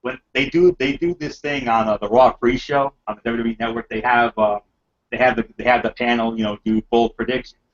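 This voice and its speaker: Male podcast host, mid-pitch, rambling enthusiastic recap, lots of ums, slightly dull lo-fi sound. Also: steady tone, brisk. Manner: rambling, filler-heavy, enthusiastic. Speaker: podcast host reviewing wrestling. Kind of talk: casual wrestling recap chat.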